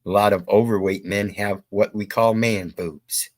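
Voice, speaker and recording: Low-voiced blunt man ranting. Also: fairly even intonation, unhurried, dry recording. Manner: preachy, blunt, profane. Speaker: commentary host. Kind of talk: opinionated commentary.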